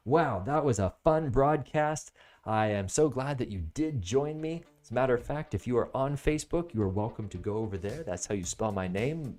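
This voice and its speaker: Animated American man on a live stream. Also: lowish voice, a little fast. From United States. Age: 30s. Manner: animated, jokey, swings between loud bursts and soft asides. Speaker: livestream product reviewer. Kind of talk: live-stream product pitch.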